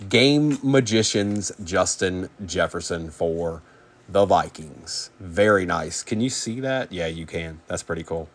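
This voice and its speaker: Quick name rundowns punctuate the relaxed, chatty commentary of a male card-break host with a lower voice, speaking casually on a live break.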